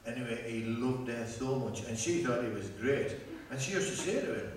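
A man's voice: medium pitch, lively intonation, normal speed. Man spinning a comic yarn. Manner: rambling, pun-filled, restarts phrases. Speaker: folk singer telling a comic story. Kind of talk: comic storytelling on stage. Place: festival stage before a live audience. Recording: echoey distant festival recording with noise.

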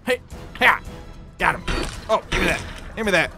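A young man giving excitable, playful commentary while playing a virtual reality game, talking to the enemies as he fights them. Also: high voice, fairly quick, creaky, long pauses, faint music behind. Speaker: gaming YouTuber.

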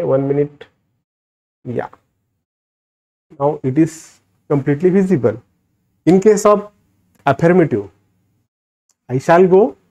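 Slow, deliberate Indian-accented male teacher. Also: on the high side, darkish tone. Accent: Indian English. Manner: slow, drilling sentence patterns with rising emphasis. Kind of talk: recorded grammar lesson. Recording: dull lo-fi recording.

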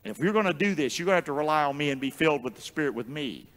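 A male pastor preaching a sermon in call-and-response style, jumping from shouts to low murmurs. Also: lively intonation, very fast. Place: church sanctuary. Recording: long church hall reverb.

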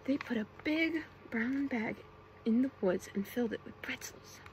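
A woman reading bedtime stories aloud as whispered role-play, in a soft, hushed manner. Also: fairly high pitch, normal speed, a little hiss or hum, low-quality recording. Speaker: ASMR storyteller.

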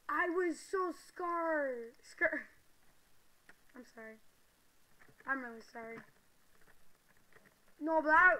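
A woman giving excitable gameplay commentary, exclaiming loudly at every surprise. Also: high voice, poor audio. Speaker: gaming video creator.

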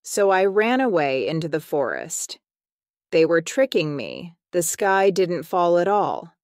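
Storybook lion, proud and fierce, low and slow, read by a woman. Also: sing-song, a little mellow, smooth, no room sound, clean studio sound. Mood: sheepish.

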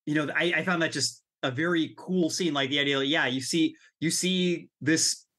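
A man with a bright, slightly high voice co-hosting a casual book podcast. He talks in an animated way, laughing often and swearing now and then. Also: normal speed. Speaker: podcast co-host.

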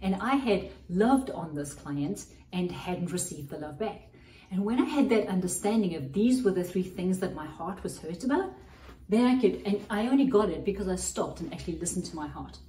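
A woman's voice: lowish voice, expressive, moderate pace, warm tone, roomy sound, far from the mic, poor audio. A woman hosting a Christian podcast as a coach, giving an earnest, reflective teaching monologue and often checking in with "right?".

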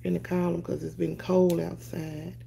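A woman's voice: lowish voice, little pitch movement, normal speed, creaky, warm tone, a little hiss or hum. A woman hosting a casual live stream at home on her phone, greeting viewers by name and swearing casually.

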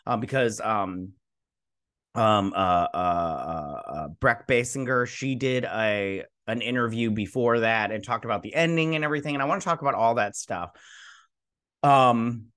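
A man's voice: mid-range voice, moderate pace. A young man hosting his own channel, recapping and reviewing a TV episode in a rambling, casual way with lots of ums and likes. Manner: rambling, filler-heavy, animated retelling. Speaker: YouTube show host.

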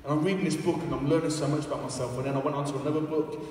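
A man's voice: on the high side, fairly even intonation, racing, a little mellow, slight background noise. A man preaching a casual, joking, self-deprecating sermon in a church. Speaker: evangelist preacher. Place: church hall. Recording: echoey hall, far from the mic.

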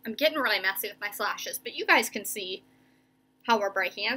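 A young woman teacher giving a remote reading lesson to children, slowly stretching out each word as she sounds it. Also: a little high, expressive, bright, forceful tone. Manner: slow, stretched-out sounding of words.

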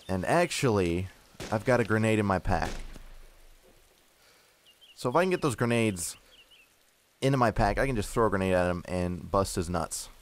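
A man's voice: lowish voice, a little hiss or hum. A young man giving casual, joking play-by-play of his own gameplay, poking fun at himself. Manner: joking, self-mocking play-by-play. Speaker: gameplay commentator. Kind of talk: casual game commentary.

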